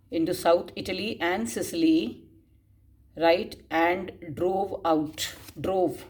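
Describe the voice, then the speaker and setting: Woman teacher reading notes aloud for students to copy, very slow, repeats phrases, coughs often. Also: lowish voice, fairly even intonation, darkish tone. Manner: slow dictation, spelling out words and repeating phrases; frequent coughs and throat clearing. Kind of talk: dictating class notes.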